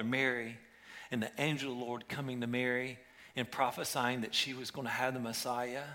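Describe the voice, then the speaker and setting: A man preaching a sermon, reading scripture aloud and moving between hushed whispers and intense, raised passages. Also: mid-range voice. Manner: dynamic preaching, dropping to a whisper then rising to intense cries. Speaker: pastor.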